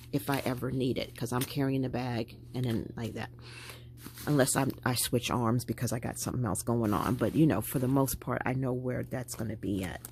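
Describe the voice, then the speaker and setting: Low gravelly woman chatting to viewers. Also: slight background noise. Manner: chatty, animated, talking to viewers while packing a bag. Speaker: vlogger. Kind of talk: casual chat.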